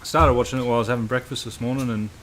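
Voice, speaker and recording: A man's voice: medium pitch, fairly even intonation, racing, a bit bright, a little hiss or hum. A man hosting a live stream, chatting casually and bluntly with viewers and swearing freely. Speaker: livestream host.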